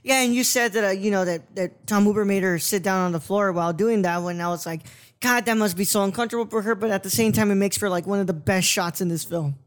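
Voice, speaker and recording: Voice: mid-range voice, steady tone, fast talker, few pauses. Earnest podcast host, fumbling for words. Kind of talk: casual film discussion.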